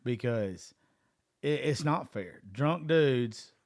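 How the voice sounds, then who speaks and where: A man's voice: mid-range voice, expressive, slow, dry recording. Podcast host, male, blunt and profane, dry close recording. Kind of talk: casual chat.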